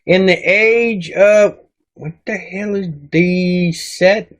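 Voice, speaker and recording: A man's voice: high-pitched, fairly even intonation, slow pace. A man voicing a cranky, crude male dwarf sidekick who rambles, mocks and talks in rustic grammar. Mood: grumpy. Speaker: sidekick reading comments. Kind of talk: comedic comment reading.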